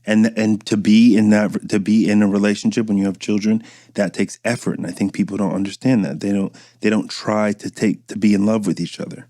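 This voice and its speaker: A man's voice: on the low side, little pitch movement, brisk, mellow, no room sound, studio quality. A man in his thirties hosting a podcast, telling loose, profane stories and acting out quotes in a casual monologue. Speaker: podcast host.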